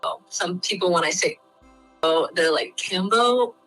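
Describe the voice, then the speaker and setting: A woman's voice: on the low side, level tone, moderate pace, fairly bright tone, slightly rough, faint music behind, rough recording. A woman with a Midwestern American accent, a guest in an interview, explaining things in a chatty, frank way with lots of fillers.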